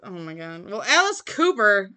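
Bright-voiced, blunt woman co-host. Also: mid-range voice, very animated, normal speed. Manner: laughs often, blunt. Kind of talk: casual chat.

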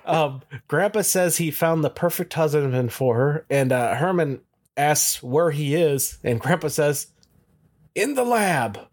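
A man's voice: fairly high pitch, takes it slowly, darkish tone. A man co-hosting a podcast, casually recounting the plot of a TV episode step by step. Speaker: podcast co-host. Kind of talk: casual chat recapping an episode.

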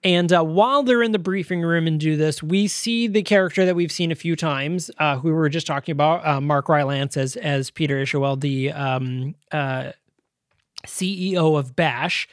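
A man co-hosting a casual movie review chat, retelling scenes in an animated way. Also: a little high, no room sound, clean studio sound. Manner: animated retelling, slipping into quick impressions. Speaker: podcast co-host.

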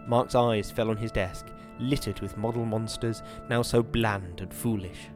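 Guy with a lowish voice reading a scary book on a podcast, faint music underneath. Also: fairly even intonation, a little slow. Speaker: podcast host reading a horror novel. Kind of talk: dramatic reading and casual commentary.

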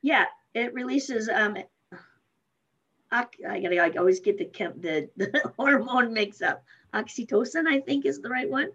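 A middle-aged woman guest telling a story in casual chat, lively, laughing often and acting out quotes. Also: fairly high pitch, moderate pace, slightly rough. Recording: muffled lo-fi sound.

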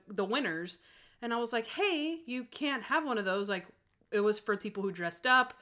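A young adult woman telling a story in casual chat, animated and full of fillers, acting out what people said. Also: medium pitch. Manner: animated, lots of fillers and acted-out quotes.

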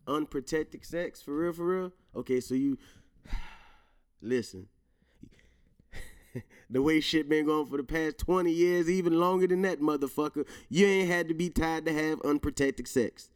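A man's voice: fairly high pitch, a little slow, clear, resonant tone. A man hosting his own show in casual solo commentary, ranting with profanity, slang and laughter while talking straight to his listeners. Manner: profane, laughing, emphatic rants; slang-heavy, addresses listeners directly. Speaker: podcast host.

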